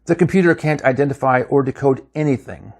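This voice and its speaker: A man plays a female communications officer who reports signals dutifully and matter-of-factly. He keeps to his own middle-pitched voice. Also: a little fast, a little mellow, close to an everyday voice.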